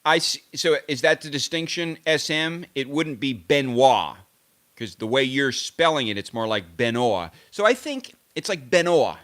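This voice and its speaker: A man's voice: mid-range voice, animated, normal speed, fairly bright tone. A man hosting a tennis live stream, chatting casually to his viewers in a rambling, self-correcting way as he muses aloud. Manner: rambling, self-correcting, musing aloud over name pronunciations.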